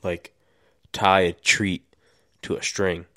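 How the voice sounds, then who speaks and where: A man's voice: deep voice, flat delivery, slow pace, sharp tone, dry recording, clean studio sound. A young man co-hosting a podcast, talking casually, laid-back, swearing a lot and laughing often. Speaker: podcast co-host. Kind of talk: casual chat.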